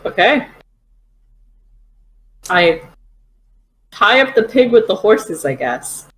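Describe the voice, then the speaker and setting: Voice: mid-range voice, sing-song, slow, fairly bright tone, low-quality recording. A player in a tabletop game who gives short, agreeable in-character replies.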